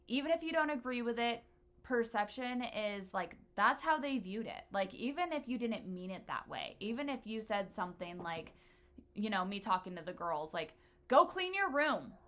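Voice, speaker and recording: Bright, blunt woman talking candidly. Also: medium pitch, lively intonation, moderate pace. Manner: blunt, profane storytelling. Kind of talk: candid casual chat.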